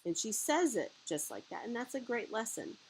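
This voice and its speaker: A woman's voice: a little high, very animated, moderate pace, creaky, slight background noise, low-quality recording. A woman teacher giving a guided video lesson, patiently explaining words step by step. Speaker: French teacher.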